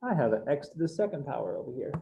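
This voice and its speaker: A man's voice: a little high, very animated, very fast, creaky, warm tone, highs cut off. A man teaching a math class, explaining steps in an upbeat, casual way with bits of slang. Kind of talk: live algebra class over video call. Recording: echoey room with faint noise.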